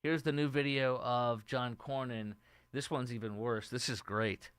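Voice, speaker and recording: A middle-aged man hosts his own political talk show and rambles through opinionated commentary while reading out viewer comments. His voice is smooth and resonant. The sound is dry and close, with no room echo. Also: medium pitch, steady tone, a little slow, a bit bright.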